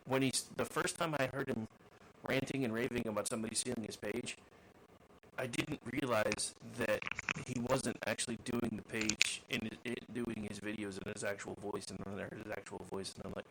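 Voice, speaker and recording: A man's voice: on the low side, steady tone, fairly quick, fairly bright tone, a little hiss or hum, rough recording. A man co-hosting a radio talk show, rambling and correcting himself as he chats. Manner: rambling, self-correcting chatter. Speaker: co-host. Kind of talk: casual chat.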